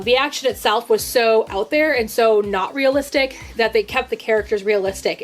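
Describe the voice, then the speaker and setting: A young adult woman vlogging in a chatty, enthusiastic, rambling way, with frequent restarts. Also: mid-range voice. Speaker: YouTuber ranking TV characters. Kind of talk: casual chat to camera.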